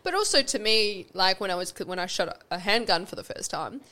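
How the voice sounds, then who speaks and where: Casting: young Australian woman, mid-pitched voice, animated and giggly guest with a loose, sweary delivery. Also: fairly quick. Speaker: podcast guest. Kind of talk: casual chatty storytelling.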